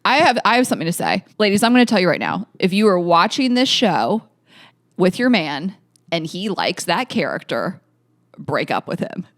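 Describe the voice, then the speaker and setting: A woman's voice: lowish voice, very animated, normal speed, fairly bright tone, no echo, studio quality. A woman in her thirties co-hosting a podcast, chatting casually and laughing often. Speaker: podcast co-host. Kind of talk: casual chat.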